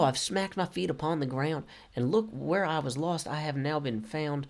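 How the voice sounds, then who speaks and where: A man's voice: on the high side, normal speed, gravelly, hardly any pauses. A man casually commenting on his game play, rambling, goofy and full of puns and self-corrections, recording away from home. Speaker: game video host. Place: relatives' home while traveling.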